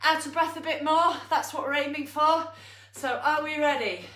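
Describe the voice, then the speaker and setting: A woman's voice: high-pitched, fairly even intonation, moderate pace, fairly bright tone. A woman fitness instructor coaching a live online exercise class, upbeat and self-mocking as she counts down, and out of breath while she works out with the class. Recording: roomy echo, from a distance.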